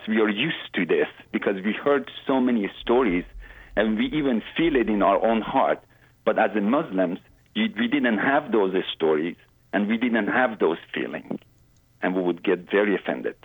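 Husky man on a phone line. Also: fairly low pitch, lively intonation, no room sound. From Iran. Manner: earnest, halting non-native phrasing. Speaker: guest. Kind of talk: personal faith testimony in an interview.

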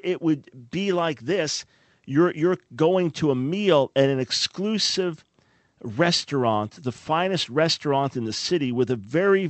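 A man's voice: a little high, dry recording. A man hosting a radio talk show, teaching the Bible emphatically and asking listeners rhetorical questions.

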